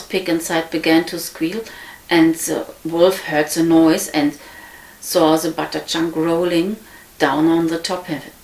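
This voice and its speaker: Slow-reading woman storyteller. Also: sits low. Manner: unhurried, with frequent slips and restarts. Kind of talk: reading a fairy tale aloud. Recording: echoey room.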